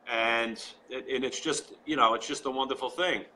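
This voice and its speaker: Fervent New York man, bright voice. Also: mid-range voice, steady tone, normal speed, slight background noise, poor audio. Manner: fervent, repeats "you know" often. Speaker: guest. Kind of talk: casual interview chat. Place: at home.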